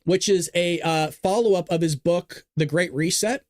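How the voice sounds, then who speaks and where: A man hosting a live commentary stream, his voice set a touch high. He talks in an emphatic, opinionated rush, circling back and repeating his points. The sound is close and dry, with no room around it. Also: normal speed, no echo. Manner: emphatic, repetitive ranting with restarts. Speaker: host of a live news commentary show.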